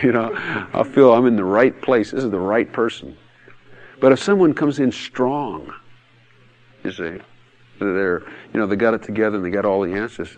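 A man's voice: fairly low pitch, moderate pace, a little mellow, lo-fi sound. Guy preaching, blunt, chuckles between points, does little voices for quotes. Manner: blunt, emphatic, laughs often, acts out quotes. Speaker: pastor. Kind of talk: sermon-style teaching talk.

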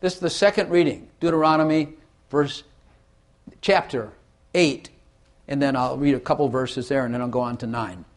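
A man's voice: medium pitch, fairly even intonation, moderate pace, pauses often. A man teaching the Bible in casual conversation, emphatic, repeating phrases for effect and playing with inflection to make his points.

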